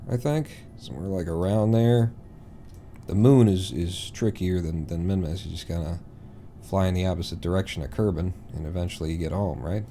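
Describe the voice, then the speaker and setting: A man's voice: sits low, a little hiss or hum. Rambling male streamer, swearing at the game. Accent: East Coast American, put on. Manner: rambling, swears loudly when frustrated. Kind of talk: live gameplay commentary.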